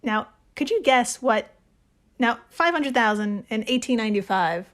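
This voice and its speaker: A woman's voice: on the high side, animated, normal speed, fairly bright tone. A woman hosting a podcast, telling a story in casual chat, laughing and swearing as she goes. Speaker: podcast host.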